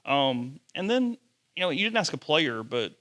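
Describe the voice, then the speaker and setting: A man, a sports journalist telling lively stories to students. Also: a little high, normal speed. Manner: animated storyteller, acts out quotes. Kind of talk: storytelling talk to students.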